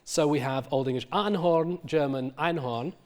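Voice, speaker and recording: A man's voice: on the high side, moderate pace, darkish tone. A middle-aged male university lecturer explaining word history in a recorded lecture, with many fillers and restarts.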